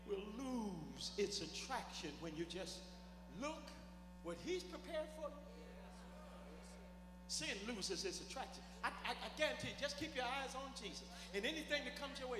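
High-voiced fervent preacher man, echoing hall. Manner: fervent, repetitive preaching with stammered restarts. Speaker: bishop preaching. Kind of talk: sermon. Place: large church hall. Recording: echoey hall with music behind.

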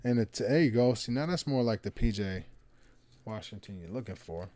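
A man hosting a card break, casually calling out players with slangy, excited remarks and muttered asides. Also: lowish voice, normal speed, no room sound. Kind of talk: casual card-opening commentary.

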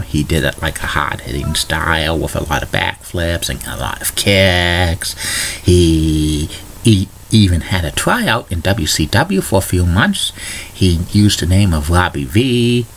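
Deep-voiced man reading a vlog news rundown. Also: slight background noise. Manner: reads news items and trivia in a plain, chatty delivery with small restarts. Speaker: video blogger. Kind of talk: casual morning video blog with news rundown.

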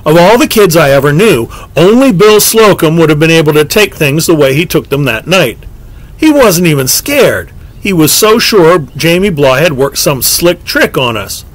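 A man narrating a story aloud in a lively, expressive way. His voice is fairly high for a man and rises and falls widely across each sentence. He reads as a scripted narration. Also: moderate pace, rough recording. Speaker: audiobook narrator.

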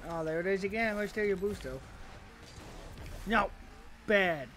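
A man's voice: high-pitched, unhurried, long pauses, slight background noise. A young man swearing and ranting while commenting on his own gameplay at his computer, mocking himself and his opponents. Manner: excitable, profane, self-mocking outbursts. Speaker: gamer. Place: at a home computer.

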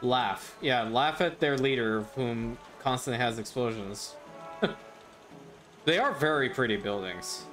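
A man of middling pitch rambles through casual gameplay commentary, drifting between topics with lots of "uh"s and small laughs. Faint game music plays softly underneath his voice. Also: expressive, measured pace. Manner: rambling, with frequent fillers and chuckles. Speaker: gaming channel host.

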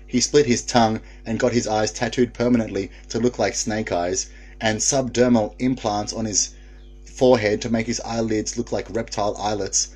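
A man's voice: fairly low pitch, slightly rough. A man hosting a casual live stream, reading viewer comments aloud and laughing often.

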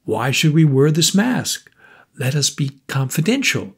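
A man's voice: on the high side, big pitch swings, a little slow, gravelly, breathy edge, full character voice. A man reading a storybook voices a troubled, brooding man who talks in a gloomy, pressing way. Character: tense, brooding man, restless and intense.

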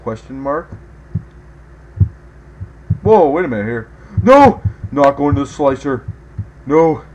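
A man giving let's play commentary as a gaming video host, excitable, yelping and groaning at every mishap. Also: mid-range voice, slow pace, pauses often, a little hiss or hum, low-quality recording.

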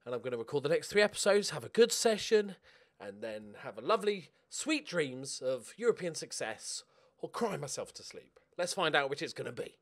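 A man giving casual, excitable commentary while he plays a football management game at home, swearing and cheering at the match. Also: on the high side, normal speed. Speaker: gaming YouTuber. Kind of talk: casual let's-play commentary.

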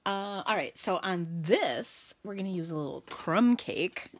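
Lady doing a live card making demo, kinda low voice, goofy and chatty, mumbles to herself. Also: expressive, a little slow, few pauses, a little hiss or hum. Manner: chatty and goofy, talks to viewers and mutters to herself while working. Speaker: card-making demonstrator hosting a livestream. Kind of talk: casual live crafting demo.

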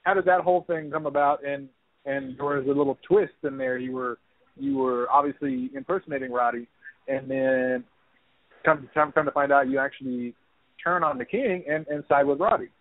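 A man's voice: medium pitch, steady tone, normal speed, no room sound. A man co-hosting a radio interview, chatting in an offhand, joking way. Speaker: radio co-host. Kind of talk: casual interview chat. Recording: tinny phone-quality line.

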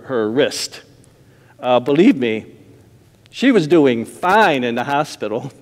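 Storytelling pastor in a reverberant hall. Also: male voice, mid-range voice. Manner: conversational storytelling with acted-out voices and laughs. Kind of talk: sermon. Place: church sanctuary.

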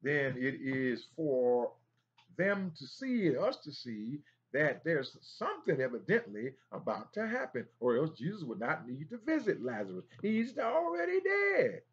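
Animated preaching man, husky voice. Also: medium pitch, measured pace, highs cut off. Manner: emphatic, animated preaching with repeated phrases and exclamations. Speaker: Bible study teacher. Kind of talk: Bible study sermon.

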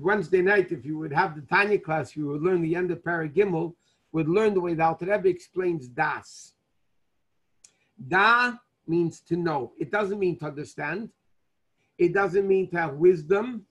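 A rabbi, a man with a fairly high, husky voice, teaches a Torah class. He poses question after question and answers them himself, and weaves Hebrew and Yiddish terms into his English. The recording is dull and lo-fi. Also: fairly bright tone.

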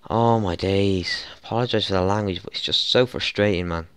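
A young gaming YouTuber talks through his football management save in a lowish, smooth voice, recorded dry and close on a desk mic with no room sound. He speaks fairly quickly with hardly any pauses, grumbling, swearing and erupting in frustrated yells at his players.

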